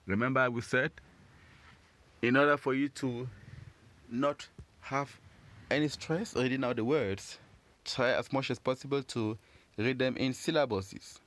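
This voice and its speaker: A man giving a patient pronunciation lesson, slowly repeating words and encouraging learners. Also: medium pitch, steady tone, a bit bright. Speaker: French teacher.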